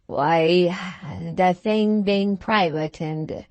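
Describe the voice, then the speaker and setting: Woman reading as a cagey grown man, slow and measured, close dry mic. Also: fairly low pitch, darkish tone, no echo. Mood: guarded. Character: guarded, evasive grown man.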